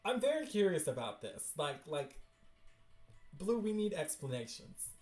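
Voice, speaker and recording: A woman hosting a livestream, chatting excitedly and cutting in with quick asides while reading webcomics. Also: low voice, reverberant, faint music behind. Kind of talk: casual livestream chat.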